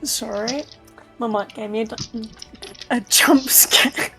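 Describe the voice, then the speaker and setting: A woman player chatting casually during a tabletop game, easygoing and quick to laugh. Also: fairly high pitch, music in the background. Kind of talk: casual chat.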